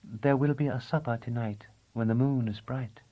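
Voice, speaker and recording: A man puts on a cooing, gracious noblewoman with a soft, measured manner in this storybook reading, lifted a little above his usual voice. The recording is dull and lo-fi. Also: mid-range voice, voice pushed up, close to an everyday voice.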